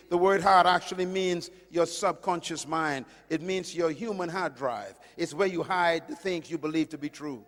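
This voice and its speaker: A man preaching a sermon, emphatic and swinging between loud declarations and hushed storytelling. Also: sits high, moderate pace, hardly any pauses, big-room sound. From Caribbean.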